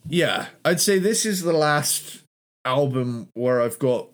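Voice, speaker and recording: A man's voice: mid-range voice, animated. Laid-back man co-hosting a music podcast. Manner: laughs often, halting restarts. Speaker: podcast co-host. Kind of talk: casual chat about albums.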